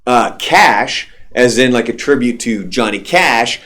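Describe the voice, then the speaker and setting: A man's voice: medium pitch, expressive, unhurried, a bit bright. A young adult man, a radio host, telling stories in casual, profane chat. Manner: loose, profane storytelling.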